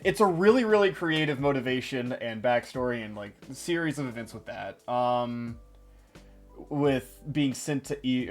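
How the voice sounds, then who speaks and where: Young man, casual stream chat, excitable, rambling, swears a lot, faint music behind. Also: mid-range voice. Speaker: stream co-host.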